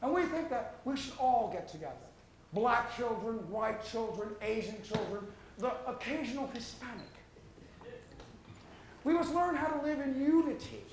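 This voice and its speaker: A man playing a solemn male college dean who makes a drawn-out, preachy speech in an echoey room. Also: extremely high pitch, animated, slight background noise.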